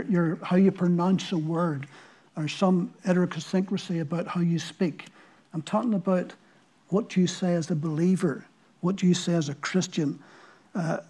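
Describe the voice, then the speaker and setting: A man's voice: high-pitched, darkish tone. A man with a Northern Irish accent preaching a sermon, telling stories and asking the listeners earnest rhetorical questions. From Northern Ireland.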